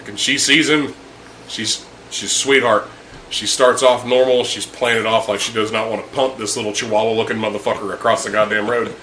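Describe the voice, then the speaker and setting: A man's voice: lowish voice, steady tone, a little fast, pushed and bright, a little hiss or hum, low-quality recording. A young man casually telling a profane story over drinks, acting out the people in it. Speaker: podcast host.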